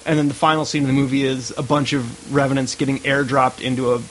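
A man's voice: medium pitch, fast talker, a little hiss or hum, low-quality recording. A man co-hosting a podcast, casually reviewing a movie and rambling through scenes. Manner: rambling, animated retelling of scenes. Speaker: podcast co-host.

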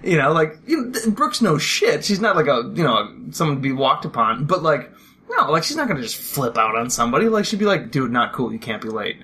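A man's voice: fairly high pitch, sing-song, a little fast, pushed and bright. Rambling, laughing male podcast host. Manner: rambling storyteller, acts out quotes, laughs often. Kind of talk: casual chat about a film.

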